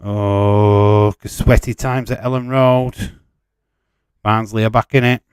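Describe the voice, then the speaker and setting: A mid-range male voice, level and smooth, moves at a measured pace with no echo. He's running a laid-back live watch-along, going through viewer chat, ribbing people, giving match updates, and swearing without restraint.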